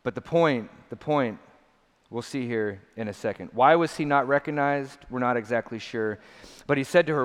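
Pastor, male, earnest emphatic sermon delivery, mid-pitched voice, long church-hall reverb. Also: moderate pace. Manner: earnest, emphatic preaching with repeated phrases.

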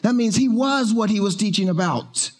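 A male pastor preaching in a church, with a voice pitched high for a man. He talks in a loose, conversational way and drops in jokes. He slows right down to lean on the words that matter. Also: a little mellow. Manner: conversational and joking, slowing down to stress key words. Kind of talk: sermon. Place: church sanctuary.

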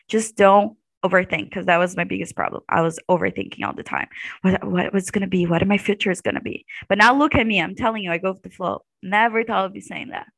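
Chatty young woman with a creaky voice. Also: medium pitch, fairly even intonation, a little fast, a bit bright, dry recording, poor audio. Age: 20s. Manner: chatty, laughs often, fillers like "like". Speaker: graduate student guest. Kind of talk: casual interview chat.

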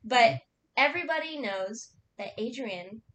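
A young woman tells a story to friends in a casual chat, swearing freely and putting voices on every quote. Her voice sits fairly high with a bright, forceful edge. The room sounds echoey, with a faint rumble behind her. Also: a little slow. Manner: profane, animated storyteller acting out quotes.

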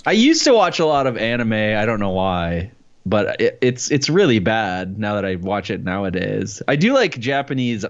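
Lowish voiced guy cohosting, wry and rambly, sound kinda muffled. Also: big pitch swings, normal speed. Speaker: guest co-host. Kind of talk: casual podcast banter.

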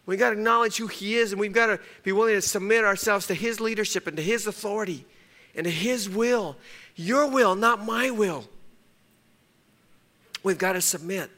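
A man delivers a sermon from the pulpit, his voice pitched high and ringing with a bright, forceful edge. He drives each point home by repeating it and acts out quoted lines within his stories. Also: normal speed. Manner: emphatic, repeats key phrases, acts out quotes in story. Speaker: pastor.

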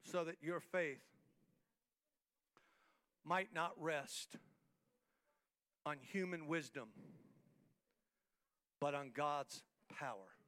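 A man pastor preaching a sermon in a church, moving from soft talk to shouted, rhythmic, repeated lines. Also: a little high, extremely slow, pauses often. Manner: repetitive, rhythmic emphatic phrasing. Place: church hall, live-streamed service.

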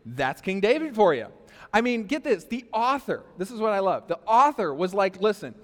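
A man preaching a sermon as pastor, animated and conversational, talking straight to the congregation. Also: high-pitched, moderate pace, big-room sound. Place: church hall.

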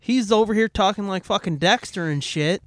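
A man's voice: high voice, moderate pace, no echo. A man co-hosting a casual movie commentary, joking, swearing and laughing often. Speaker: podcast co-host.

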